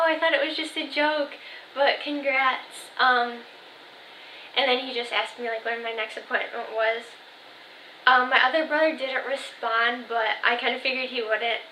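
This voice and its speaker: Chatty twenty-year-old woman, bright voice. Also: on the high side, a little hiss or hum. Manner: chatty storytelling, full of "like" and "um", quoting family texts. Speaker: vlogger. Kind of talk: casual chat to camera. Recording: echoey room.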